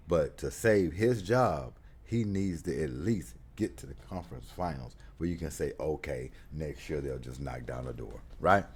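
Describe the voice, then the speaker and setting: A man hosting a casual sports talk show, speaking animatedly, with frequent laughter and loud whoops. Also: extremely low pitch, husky. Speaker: sports commentary host.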